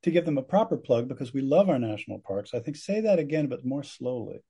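A man, a musician guest on a radio interview, speaking thoughtfully with halting restarts. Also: medium pitch, big pitch swings, mellow, slightly rough. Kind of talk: casual interview chat.

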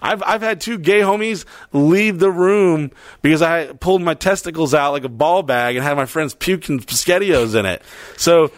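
Young dude on a podcast, kinda high voice, swears nonstop, rambles, dead dry audio. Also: male voice, moderate pace, dry recording. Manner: profane, rambling, animated. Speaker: podcast co-host. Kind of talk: crude comedic banter.

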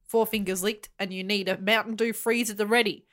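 A woman with an Australian accent co-hosts a podcast in a relaxed, chatty way. Her voice is bright and forward. She reads out listener feedback between bits of banter. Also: medium pitch, fairly quick. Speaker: podcast co-host. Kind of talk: casual chat.

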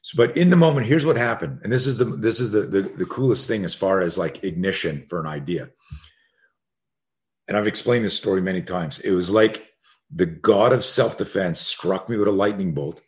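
A self-defense coach, a man, telling a story as a podcast guest, frank and animated, acting out the dialogue as he goes. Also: low-pitched, moderate pace. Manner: animated, re-enacts dialogue in vivid bursts; frank and profane.

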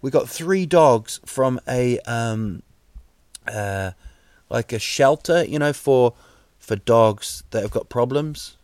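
A man with a New Zealand accent hosting a solo podcast, rambling deadpan jokes with many fillers and restarts. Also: medium pitch, slow pace, dry recording. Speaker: podcast host. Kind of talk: solo comedic podcast monologue.

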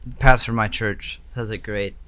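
A man's voice: lowish voice, steady tone, normal speed, pushed and bright, smooth. A young American man co-hosting a faith podcast, speaking earnestly and rambling with many fillers. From United States. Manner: earnest, rambling, lots of "like" and "you know". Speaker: podcast co-host. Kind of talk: casual faith podcast chat.

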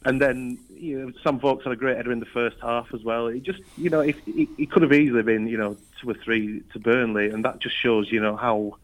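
A man's voice: medium pitch, steady tone, brisk, hardly any pauses, rough recording. A male football reporter with a cold, talking through a match in a rambling way. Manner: rambling, many restarts and fillers. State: has a cold. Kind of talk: casual football chat.

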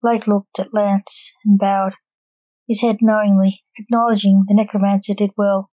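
Mellow woman reading a story aloud. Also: medium pitch, flat delivery, normal speed, dry recording, rough recording.

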